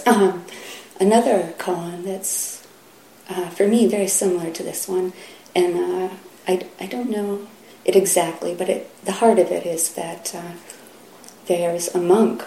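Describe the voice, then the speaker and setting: Slow, gravelly middle-aged woman teacher. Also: fairly low pitch, fairly even intonation, a little hiss or hum. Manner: soft and halting, often sinking to a whisper. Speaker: Zen teacher. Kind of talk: dharma talk. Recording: roomy hall echo, faint ambience.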